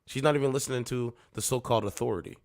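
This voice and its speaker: A man reacting to clips with animated, mocking commentary, hoarse from losing his voice. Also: medium pitch, racing. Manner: animated, mocking, laughing, does loud mock voices. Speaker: commentary streamer.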